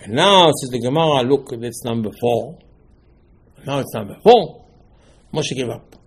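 Rabbi teaching Talmud, husky mid-range voice, animated lecture full of rhetorical questions. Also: male voice, mid-range voice, a little slow. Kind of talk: Torah class lecture.

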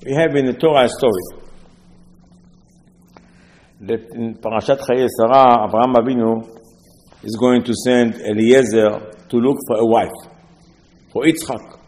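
A man's voice: medium pitch, steady tone, a little slow, long pauses, a little mellow. A man with preaching a sermon, telling stories with asides and rhetorical questions. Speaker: rabbi. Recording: long hall reverb.

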